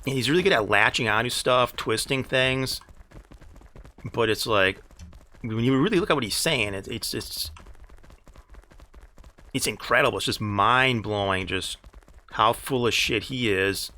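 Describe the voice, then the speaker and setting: A man's voice: mid-range voice, unhurried, long pauses, pushed and bright. An American man streaming a game live, rambling in casual talk full of restarts and "right?" asides, with an exasperated edge. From United States.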